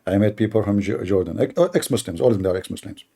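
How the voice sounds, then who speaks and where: A man's voice: fairly low pitch, fast, vocal fry, mellow. A man hosting a live debate stream, talking with callers in a mocking, often laughing way.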